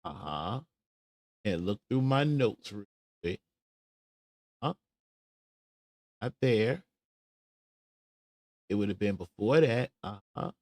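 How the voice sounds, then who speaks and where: A man's voice: fairly low pitch, expressive, slow, pauses often, darkish tone, dry recording. A man hosting a casual livestream commentary show, chattily talking himself through searching for a clip. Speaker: show host.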